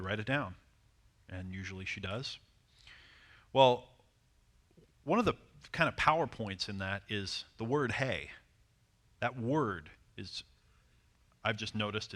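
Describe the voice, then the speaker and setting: A man coaching a seminar audience on dating, animated and acting out short bits of dialogue. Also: fairly low pitch. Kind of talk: seminar talk to a live audience.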